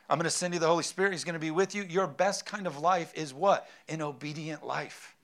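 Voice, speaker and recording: A man's voice: a little high, a little fast, a bit bright. A man preaching a sermon, emphatic, with rhetorical questions and frequent amens. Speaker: pastor.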